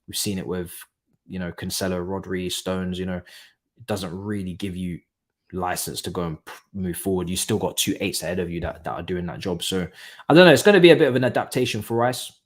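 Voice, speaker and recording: A young man hosting a live football watchalong, talking casually and breaking into excited exclamations. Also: sits low, fairly quick. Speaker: watchalong host. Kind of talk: live match watchalong commentary.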